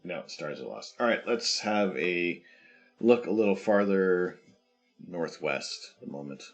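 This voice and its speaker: Low-voiced Canadian man, relaxed chat. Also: a little slow. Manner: relaxed, reads viewer questions aloud and answers them. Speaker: streamer. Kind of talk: casual live-stream chat.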